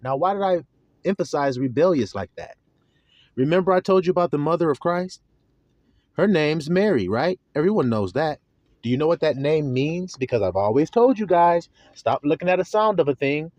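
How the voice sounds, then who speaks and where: A man's voice: a little high, big pitch swings, moderate pace, darkish tone, no room sound. A man preaching a sermon to his flock, asking pointed rhetorical questions in an earnest manner. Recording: dull lo-fi recording.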